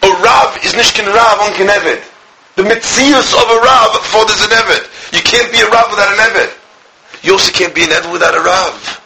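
High, bright-voiced impassioned male preacher. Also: normal speed, gravelly, slight background noise, low-quality recording. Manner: impassioned, swinging from cries to hushed storytelling. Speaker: rabbi and school director. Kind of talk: sermon with storytelling.

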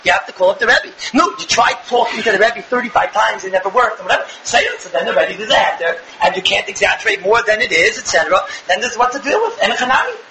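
In an echoey room with steady background noise, a high-voiced man teaches a Torah lecture quickly and forcefully. This religious teacher leans on rhetorical questions to press his points and plays out dialogues as he goes.

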